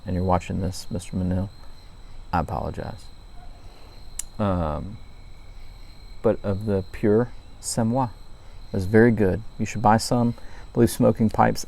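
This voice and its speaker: Gravelly, low-voiced man from Louisiana. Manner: relaxed, rambling, frequent ums and self-corrections. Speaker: pipe tobacco reviewer. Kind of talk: casual night-time review vlog.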